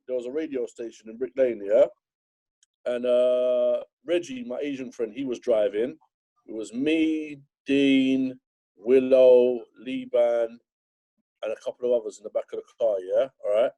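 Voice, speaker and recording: A man co-hosting a podcast, telling a story among friends, animated and swearing, checking in with "yeah?". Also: mid-range voice, low-quality recording. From Turkish heritage. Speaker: podcast co-host.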